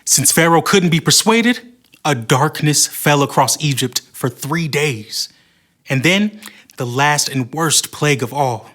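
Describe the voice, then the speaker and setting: A man's voice: on the high side, expressive, measured pace, fairly bright tone. Guy telling a bible story to kids, dramatic, voice goes all over. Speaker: Bible storyteller on a kids' show. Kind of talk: scripted Bible story narration.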